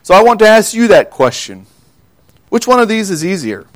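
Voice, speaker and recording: A man preaching a sermon, earnest, asking his listeners questions, dropping quiet for quoted words and often repeating words as he goes. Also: sits high, very animated, moderate pace, dry recording. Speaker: pastor.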